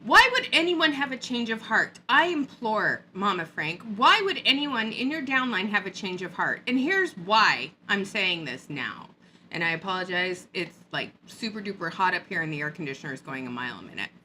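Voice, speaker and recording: A woman's voice: medium pitch, very animated, normal speed, sharp tone, a little hiss or hum. A woman vlogger giving a sarcastic, mocking rant in a hot upstairs room. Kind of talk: ranting commentary vlog.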